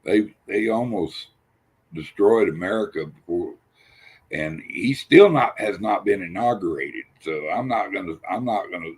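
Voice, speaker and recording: A man's voice: low voice, lively intonation, a little slow, darkish tone, husky. A man chatting casually as a panelist on a video call, rambling and profane, with many restarts. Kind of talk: casual chat.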